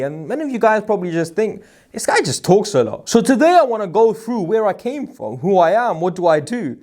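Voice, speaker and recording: A man's voice: high-pitched, a little mellow. A young man giving a casual, chatty motivational talk to camera, mixing slang with religious phrases. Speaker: recruitment business vlogger.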